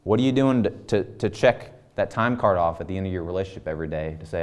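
A man's voice: sits low, lively intonation, fast, clear, resonant tone. A man in his thirties preaching a conversational sermon full of rhetorical questions. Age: 30s. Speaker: pastor.

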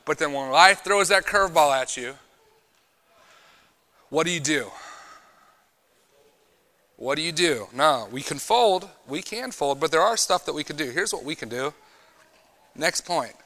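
Emphatic preaching man, bright voice. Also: fairly high pitch, lively intonation, a little slow, long pauses. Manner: emphatic preaching, swinging between loud bursts and quiet storytelling. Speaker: retreat speaker. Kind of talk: youth sermon.

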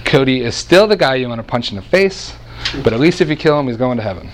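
A man in his thirties preaching a sermon as a lively, joking storyteller who often restarts his sentences. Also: medium pitch, fast talker, over a noisy crowd.

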